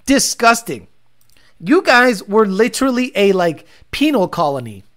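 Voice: mid-range voice, very animated, measured pace, fairly bright tone. A livestream host reading viewer comments and ranting about car tuning with profanity and mockery.

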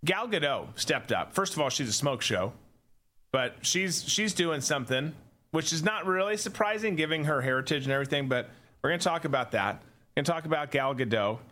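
A man's voice: fairly high pitch, expressive, a little fast, pushed and bright. A man hosting a casual political talk show, wry and sarcastic in a loose, offhand way. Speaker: show host.

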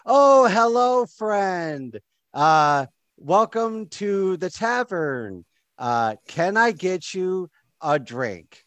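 A man voicing an overly friendly, oddly secretive male tavern keeper in a tabletop game, drawing his welcoming lines out slowly. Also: sits high, big pitch swings, fairly bright tone, no echo, voice pushed up, heavily acted. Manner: slow, drawn-out welcoming lines.

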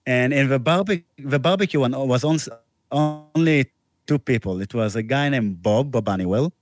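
A man's voice: mid-range voice, moderate pace, over music. A man, a musician guest, telling a long casual anecdote with restarts and laughter. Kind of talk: casual storytelling interview.

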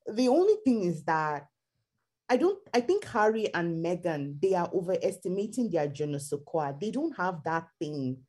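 A woman's voice: on the low side, big pitch swings, normal speed, darkish tone, slightly rough. A woman co-hosting a podcast in casual chat, explaining her views at length in a thoughtful, storytelling manner. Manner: thoughtful storytelling with acted quotes. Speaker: podcast co-host.

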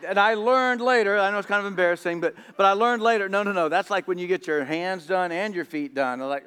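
A man's voice: high-pitched, quick pace, hardly any pauses, bright, forceful tone, clear, resonant tone. A man preaching a sermon in storytelling style, often repeating words as he goes. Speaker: pastor. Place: church hall. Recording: echoey church hall.

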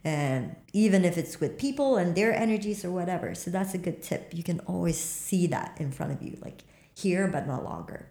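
A woman telling a story in casual talk. She acts out her own lines with sudden jumps up into squeaky highs. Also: moderate pace, vocal fry. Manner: animated, acts out quotes with sudden high squeaks. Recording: echoey room.

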